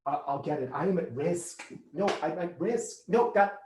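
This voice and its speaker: Stage monologue: man as a rattled recovering drinker, stammering, higher-pitched, echoey room. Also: a little mellow, slight background noise, natural voice. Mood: anxious. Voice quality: halting, stammering, repeats himself. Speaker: man phoning his sponsor.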